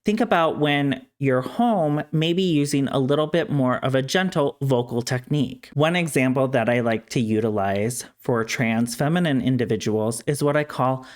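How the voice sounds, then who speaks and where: A man, a speech-language pathologist, calmly explaining voice training in a measured, instructive way. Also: medium pitch. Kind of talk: educational explainer to camera.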